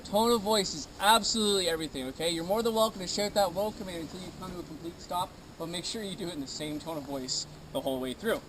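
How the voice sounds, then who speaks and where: Out at a dog kennel, a high-voiced sled dog guide jokes his way through a briefing for a tour group, speaking fast with few pauses and tacking "okay?" onto nearly every sentence. Plenty of outdoor noise comes through behind him.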